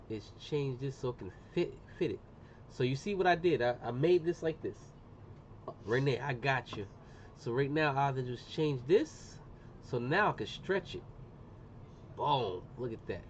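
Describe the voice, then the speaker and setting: A middle-aged man chatting casually on a live stream as he demonstrates an engraving job, slangy and talkative, often saying "boom". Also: a little mellow. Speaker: livestreamer doing laser engraving. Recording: muffled lo-fi sound with faint room noise.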